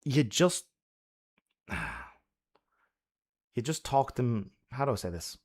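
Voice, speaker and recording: A man's voice: mid-range voice, lively intonation, slow pace, a little mellow. A man giving friendly advice to his chat on a casual live stream, laughing often and swearing freely.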